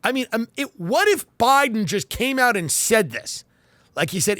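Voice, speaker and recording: A man's voice: sits high, sing-song, normal speed, fairly bright tone, dry recording. A man hosting a podcast, reading news aloud and riffing on it with sarcastic, mock-earnest comedy. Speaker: podcast host.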